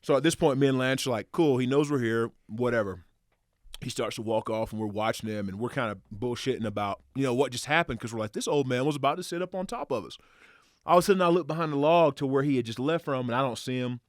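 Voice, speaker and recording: A man as a podcast guest, telling a hunting story in casual, animated and profane style, acting out quotes. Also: mid-range voice, quick pace, no echo, studio quality. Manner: animated, profane, excitable retelling with acted quotes.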